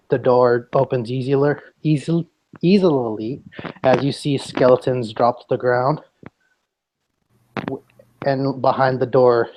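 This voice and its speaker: A man's voice: mid-range voice, darkish tone, a little hiss or hum, low-quality recording. A man narrating a tabletop game as game master, describing scenes with frequent restarts.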